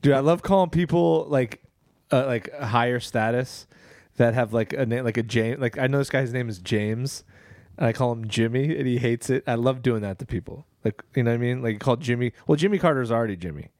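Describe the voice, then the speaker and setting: A man's voice: mid-range voice, brisk, a little mellow, no room sound, studio quality. A man co-hosting a podcast, rambling through crude jokes and laughing often in casual banter. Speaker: podcast co-host.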